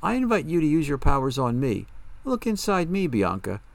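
A man's voice: on the high side, wildly swooping pitch, brisk, vocal fry, no room sound, voice pushed up, exaggerated voice. A man voicing a guilt-ridden, secretive mother in an audiobook, pleading and defensive.

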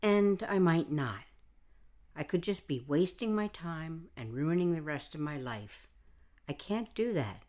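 A woman's voice: low-pitched, animated, measured pace, warm tone. A woman reading the part of a stubborn, middle-aged homemaker who speaks firmly and defiantly. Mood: resolute. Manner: firm, defiant. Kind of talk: audiobook dialogue reading.

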